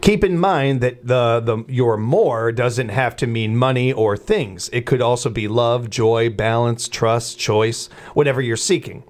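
A man hosting a morning radio show in a relaxed, chatty, rambling way from a studio. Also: mid-range voice, measured pace, few pauses. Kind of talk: casual radio chat.

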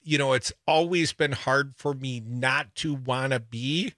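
A man's voice: medium pitch, measured pace, fairly bright tone, dry recording, studio quality. A man hosting a radio talk show, bantering and playfully ribbing a regular caller. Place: radio studio.

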